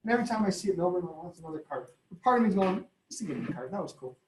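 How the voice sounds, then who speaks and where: A man, a company head giving a sales training in a lively, storytelling way. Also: high-pitched, very fast, slight background noise. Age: 30s. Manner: energetic, conversational, storytelling with laughs. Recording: echoey room.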